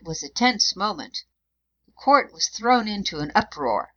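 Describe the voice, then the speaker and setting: A woman narrating a historical account in a measured, even reading voice. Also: mid-range voice. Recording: dull lo-fi recording.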